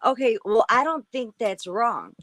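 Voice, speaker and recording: A woman's voice: a little high, animated, unhurried, over a noisy crowd. Blunt, foul-mouthed woman guest. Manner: blunt, swears freely. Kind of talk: casual chat.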